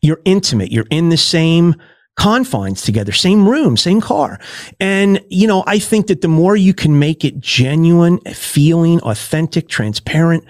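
A man's voice: fairly high pitch, animated, measured pace, darkish tone, no room sound, clean studio sound. A man, a podcaster guest in a casual interview, talking emphatically and repeating words for stress.

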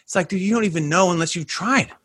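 A man hosting a casual podcast, energetic and slangy, calling listeners dude and guys. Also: high voice, fast, slightly rough. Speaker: podcast host.

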